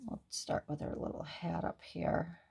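A woman's voice: fairly low pitch, flat delivery, measured pace, gravelly, dark tone, slightly rough. A woman hosting a card-making tutorial, thinking aloud in a casual, musing way as she works. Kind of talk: casual crafting tutorial talk.

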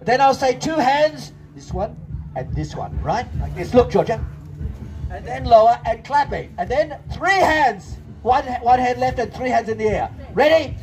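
A man with a very high voice runs a comic children's show. He bosses his volunteers around in playful, theatrical patter, and faint music plays under him. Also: expressive, normal speed. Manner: bossy, theatrical showman banter. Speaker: children's entertainer. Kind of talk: comic audience-participation patter. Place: outdoor festival stage.

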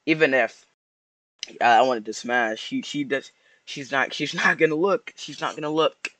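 A young man doing casual reaction commentary in a loose, slangy ramble. His delivery sounds mock-sorrowful, and his voice has a middling pitch. It is recorded close up in a dry room with no echo. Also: moderate pace, fairly bright tone. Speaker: YouTuber reacting to posts.

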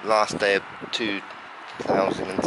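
A man with a fairly low voice chats warmly to his camera as he feeds pigeons outside. He laughs often and calls the birds over by name. His handheld camera picks up clear traffic noise from the street. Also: completely flat delivery, unhurried. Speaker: vlogger feeding pigeons. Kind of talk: casual outdoor vlog narration. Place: outdoors by puddles, rain.

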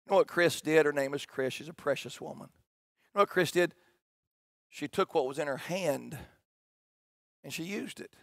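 A middle-aged pastor preaches in a high, ringing voice. He shouts his key points, then drops to a hushed tone for personal stories. The sound is dry and close, with little room around it. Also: normal speed, vocal fry, pauses often, dry recording. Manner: swings from shouted emphatic preaching to quiet storytelling. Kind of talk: sermon.

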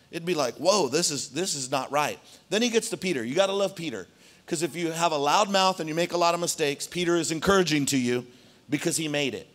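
A man preaching a sermon in a church, conversational and animated, often checking in with the congregation. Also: on the high side. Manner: conversational, animated, frequent "right?" asides. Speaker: pastor.

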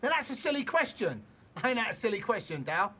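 A man's voice: high voice, big pitch swings, brisk, pushed and bright, slightly rough, exaggerated voice. An actor playing a smarmy, over-friendly man who flirts his way into a house in a comic film.

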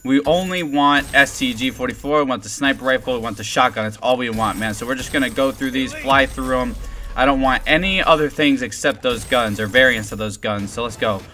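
A young man giving excited, rambling gameplay commentary as a gaming video host. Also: medium pitch, brisk. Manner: hyped, rambling, shouts and laughs at rare drops. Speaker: gaming YouTuber.

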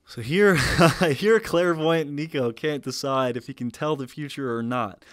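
A man's voice: fairly high pitch, a little slow, a bit bright, no room sound, clean studio sound. A young man hosting a reaction commentary video, talking bluntly, sarcastically and with heavy profanity.

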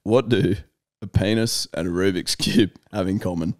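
A man telling jokes among friends in a deadpan, unhurried way. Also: deep voice, dry recording, studio quality. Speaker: comedy joke teller.

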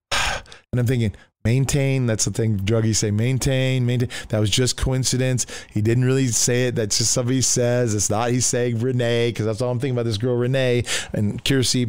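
A man's voice: mid-range voice, normal speed, clear, resonant tone, dry recording. A middle-aged man, a pastor, telling his testimony in a conversation and acting out the voices of the people in it. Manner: animated, acts out the voices of people in his story. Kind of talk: storytelling in a conversation.

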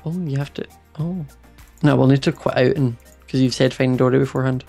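A man's voice: mid-range voice, steady tone, fairly quick, creaky, mellow, faint music behind. A man playing a game with a friend, cracking dry teasing jokes in casual chat. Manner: teasing, dry jokey replies. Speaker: co-player.

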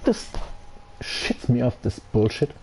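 A man's voice: medium pitch, very animated, slow, background noise. A man giving live commentary on his gameplay, angry and swearing a lot. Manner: angry ranting, heavy swearing. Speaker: gaming streamer.

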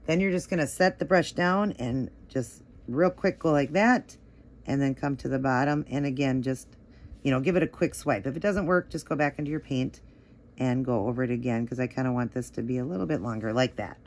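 A woman with a notably low voice talks through her nail art at home. She rambles casually, full of "like" and "um", explaining each step as she paints. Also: a little fast, darkish tone. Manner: chatty, rambling, many "like" and "um" fillers. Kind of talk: casual tutorial talk.

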